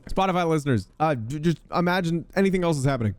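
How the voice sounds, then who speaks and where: Loud, excitable young man. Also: fairly high pitch, rapid-fire, no room sound. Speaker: podcast host. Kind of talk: gaming commentary.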